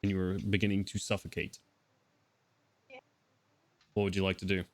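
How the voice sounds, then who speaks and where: A man narrating as game master of a tabletop role-playing game, brisk and descriptive. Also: low-pitched, completely flat delivery, no echo.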